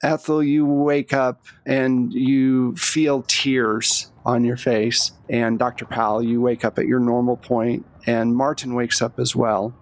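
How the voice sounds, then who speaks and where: 声音沙哑的男游戏主持人. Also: male voice, medium pitch, level tone, slow pace, hardly any pauses. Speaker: game master. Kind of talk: narrating a tabletop game.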